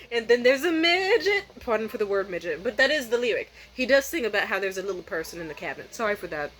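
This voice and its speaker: A young woman vlogging at home at night, telling a story in a profane, animated rant and mimicking other people's voices. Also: mid-range voice, quick pace, hardly any pauses, poor audio. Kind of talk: casual vlog rant.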